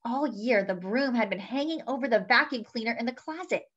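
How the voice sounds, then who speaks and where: Woman storyteller for kids, animated and bright, engaging listeners with questions; muffled lo-fi recording. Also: on the high side, fairly quick. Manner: lively, asks young listeners questions. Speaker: children's story reader. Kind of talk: read-aloud storytelling for children. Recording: dull lo-fi sound.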